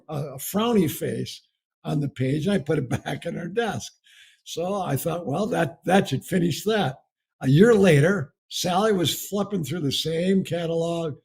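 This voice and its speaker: A man's voice: on the high side, creaky, a little mellow, breathy edge. A man preaching a marriage message as a folksy story and chuckling often as he tells it. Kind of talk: storytelling sermon.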